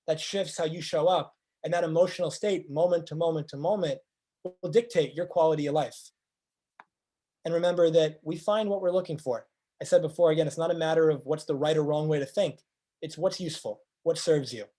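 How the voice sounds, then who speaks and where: Speaking briskly in a slightly high voice, a man delivers an earnest motivational presentation packed with rhetorical questions. He acts out the people he quotes in lively voices.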